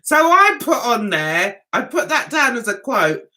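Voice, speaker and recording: A woman's voice: a little high, sing-song, measured pace, bright, forceful tone. A woman hosting a casual livestream, chatting to her viewers in a rambling, giggly way.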